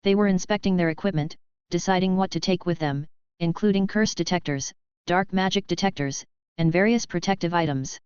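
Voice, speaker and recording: A woman narrating a fantasy audiobook in an even, steady reading. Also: on the low side, a little fast, clean tone, dry recording, muffled recording. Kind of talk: scripted narration.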